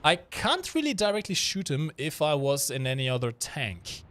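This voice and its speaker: A man's voice: on the high side, very animated, moderate pace, a bit bright, a little hiss or hum. A man casually co-hosting a game stream, explaining mechanics while he plays and cracking dry jokes. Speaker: stream co-host playing the game. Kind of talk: casual gameplay commentary.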